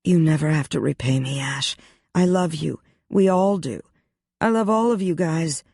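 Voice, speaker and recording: Pippa is an anxious, frank young woman as the narrator reads her, confiding her worries in a rueful tone. The voice is close and dry and sits at a middle pitch. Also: moderate pace, creaky, a little mellow, slightly rough, no room sound. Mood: tearful.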